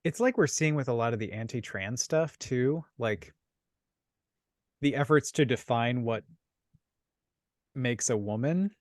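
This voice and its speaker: A man's voice: mid-range voice, a little slow, pauses often, a little mellow, dry recording, studio quality. A man co-hosting a podcast, talking in a casual, rambling way with frequent restarts and laughs. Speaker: podcast co-host. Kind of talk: casual chat.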